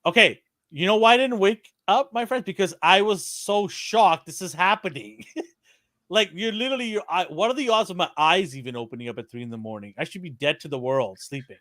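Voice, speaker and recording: A man co-hosting a podcast tells a story in an animated, laughing way, acting out the voices he quotes. His voice sits a little high and swoops widely. The sound is dry and close. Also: a little fast, no echo. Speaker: podcast co-host. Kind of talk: casual storytelling chat.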